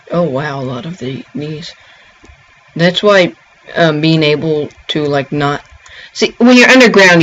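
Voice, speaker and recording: Guy talking thru a game tutorial, kinda high voice, lots of ums and restarts, muffled lo-fi sound. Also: a bit bright. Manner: rambling, halting, with frequent ums and restarts. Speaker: gameplay tutorial maker. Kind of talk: casual gameplay tutorial narration. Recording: dull lo-fi home recording.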